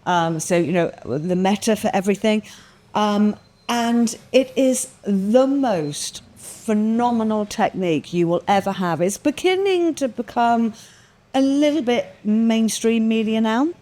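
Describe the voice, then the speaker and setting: A woman appearing as a guest on a podcast tells a personal story with lively expression, acting out the quotes and swearing casually. Her voice sits fairly high and she takes her time.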